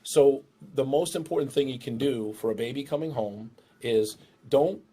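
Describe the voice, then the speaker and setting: Man, middle-aged, husky voice, dog trainer, casual joking chat, teasing manner. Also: normal speed, warm tone. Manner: joking, breaks into shrill impressions of owners. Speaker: dog trainer and show host.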